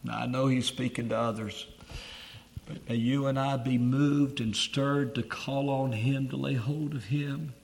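A man's voice: medium pitch, fairly even intonation, a little slow, vocal fry, a little hiss or hum. A man preaching a sermon at a camp meeting, earnest and pleading.

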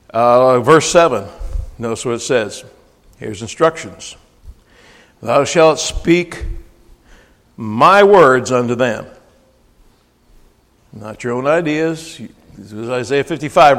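A male preacher giving a folksy, emphatic sermon, often rising to near-shouting when he quotes scripture. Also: medium pitch. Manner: folksy, with frequent restarts and asides. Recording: long hall reverb.

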